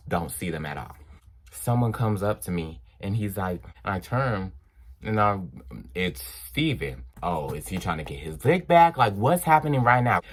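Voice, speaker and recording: A young man, telling a casual story and acting out the dialogue in quotes. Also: on the low side. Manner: animated, acts out dialogue in quotes. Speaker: storytime vlogger.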